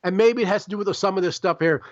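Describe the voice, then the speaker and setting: A man's voice: high-pitched, fast talker, muffled recording. A man from Chicago, a guest on a podcast interview, talking in a rambling, emphatic and profane way. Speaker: guest artist.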